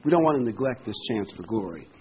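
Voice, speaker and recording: An older man preaching a sermon, reading Bible verses slowly and with emphasis between plain explanations. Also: on the low side, expressive, breathy edge. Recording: dull lo-fi with faint noise.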